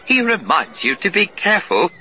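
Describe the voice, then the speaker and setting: A man reading an audiobook voices a fussy, anxious male protocol droid with prim, overly formal speech and a breathy tone. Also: high-pitched, sing-song, normal speed, pushed and bright, a little hiss or hum, voice pushed up, exaggerated voice. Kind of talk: audiobook narration.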